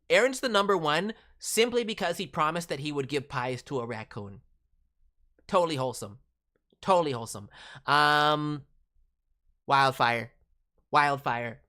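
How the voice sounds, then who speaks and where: A woman's voice: low-pitched, fairly bright tone. A woman streamer chatting casually and playfully with her viewers, teasing and joking as she talks. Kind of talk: casual live-stream chat.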